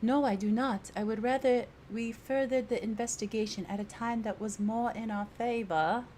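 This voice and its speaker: A woman's voice: a little high, fairly even intonation, normal speed, warm tone, a little hiss or hum, voice pushed up, natural voice. A woman voicing a stern adult woman adventurer in a put-on British accent, reading game dialogue in a formal, declamatory way. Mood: resolute.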